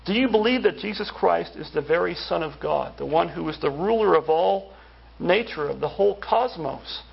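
A man's voice: fairly high pitch, lively intonation, moderate pace, vocal fry, breathy edge, muffled recording. A man preaching a sermon in a conversational way, asking his listeners many rhetorical questions. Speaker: pastor.

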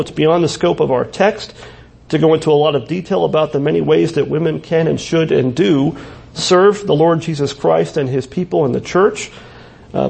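A man's voice: a little high, creaky, darkish tone, breathy edge. A male pastor preaching a sermon in church, talking conversationally with asides and frequent restarts.

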